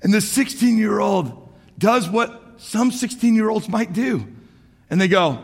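A man in his forties preaching a sermon as pastor, animated, swinging from shouts to hushed asides. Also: high-pitched, measured pace, slightly rough. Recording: echoey hall.

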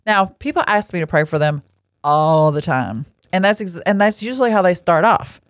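A woman's voice: lowish voice, animated, moderate pace, no room sound, clean studio sound. A middle-aged woman, telling a personal story in a chatty, rambling way and laughing easily. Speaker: ministry leader and podcast host. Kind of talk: casual storytelling talk.

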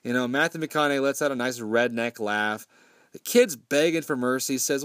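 A man's voice: medium pitch, normal speed, a bit bright, no echo, studio quality. A man casually recapping a horror film with sarcasm and frequent swearing, briefly mimicking the characters' lines. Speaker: movie reviewer. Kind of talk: casual profane movie recap.

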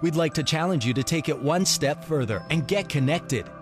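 A man reads a friendly closing announcement for a church. His voice is lively and rises and falls a lot, sitting fairly high. A clear music bed runs underneath. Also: moderate pace.

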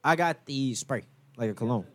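A man from Texas in casual podcast chat, joking and teasing his friends, wearing headphones at a studio mic. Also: medium pitch. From Beaumont, Texas. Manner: lively, jokey, quick to tease.

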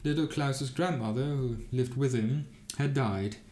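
A man's voice: mid-range voice, measured pace, darkish tone. Man reading a fairy tale in an echoey room. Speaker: narrator. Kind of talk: storybook reading.

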